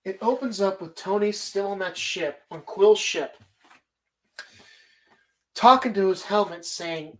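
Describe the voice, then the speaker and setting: Animated, swearing woman host. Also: medium pitch, a little slow, long pauses, low-quality recording. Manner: animated, swears freely, rambling enthusiasm. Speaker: podcast host. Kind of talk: casual movie bracket commentary.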